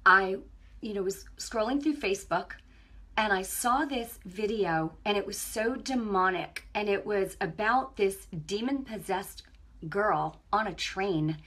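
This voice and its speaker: A woman shares a spiritual testimony with her viewers on a broadcast. Her voice is bright and breathy. She tells her story in an animated way, dropping to a hush and then rising loud again. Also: medium pitch, a little slow. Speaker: online ministry broadcaster.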